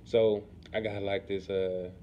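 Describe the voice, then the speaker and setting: A man chatting casually to camera in a relaxed, rambling way, often asking "you know what I'm saying". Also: lowish voice, measured pace. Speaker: vlogger. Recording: dull lo-fi sound with faint background noise.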